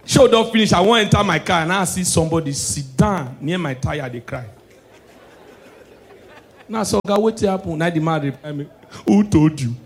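A man with a Nigerian Pidgin English accent performing a stand-up comedy set, loud and animated, shouting his punchlines. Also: on the high side, normal speed, gravelly, long pauses, slight background noise.

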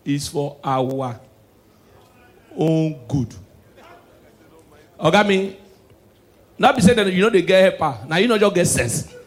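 High-voiced Nigerian Pidgin comedian. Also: male voice, lively intonation, slow pace, long pauses. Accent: Nigerian Pidgin English. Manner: swings between hushed preachy asides and shouted punchlines. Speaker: stand-up comedian. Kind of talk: stand-up comedy set.

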